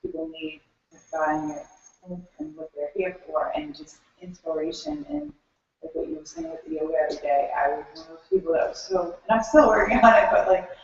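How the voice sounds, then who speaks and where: A person sharing in a group, talking in a lively, rambling way. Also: medium pitch, a little fast, vocal fry, muffled recording. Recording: distant mic in a very echoey room.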